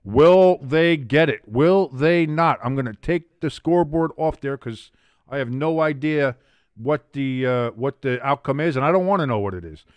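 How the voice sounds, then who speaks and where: A man's voice: mid-range voice, moderate pace, clear, resonant tone, no room sound. A young man hosting a watch-along stream, calling plays in a casual way, reading out viewer comments between plays, and jumping up in energy when something big happens. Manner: excitable, rising sharply on big plays.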